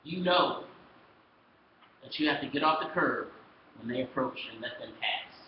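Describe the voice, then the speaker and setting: A man giving a history lecture to a class, lively and storytelling, acting out the people in his stories. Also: medium pitch, moderate pace, far from the mic. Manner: lively storytelling, acts out quoted exchanges. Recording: echoey classroom recorded from afar, dull and noisy.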